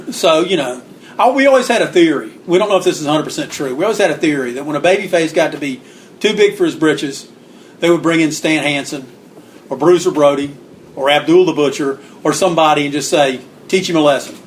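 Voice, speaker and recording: Guy telling old stories, kinda high voice, acts out the quotes, clears throat a lot. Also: a little fast, a little hiss or hum. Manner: animated storyteller acting out quotes. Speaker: guest author. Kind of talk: storytelling interview.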